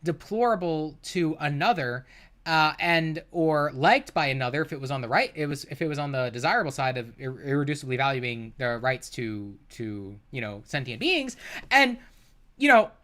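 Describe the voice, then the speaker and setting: A man's voice: fairly high pitch, lively intonation, normal speed, bright, forceful tone. A man streaming and reacting to a debate clip, arguing back in a profane, exasperated way and laughing at times. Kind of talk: heated livestream commentary.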